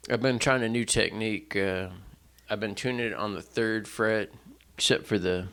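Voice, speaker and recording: A man's voice: on the low side, fairly even intonation, moderate pace, fairly bright tone. A man, a singer-songwriter, talking casually between songs in a rambling, self-deprecating way, full of fillers and restarts, at a stand mic in a small home stage setup. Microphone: stand mic in front.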